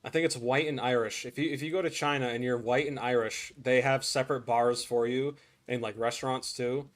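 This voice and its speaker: A man's voice: medium pitch, steady tone, brisk. A young man chatting casually to viewers while playing a game, rambling and laughing often. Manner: rambling, laughs often, says "dude" a lot. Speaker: gaming streamer. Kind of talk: casual gameplay chat.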